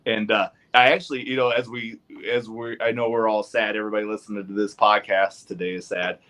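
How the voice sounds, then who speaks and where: A man's voice: lowish voice, level tone, brisk, fairly bright tone. A man, a guest on a podcast, chatting casually and talking at length, piling up dates and figures.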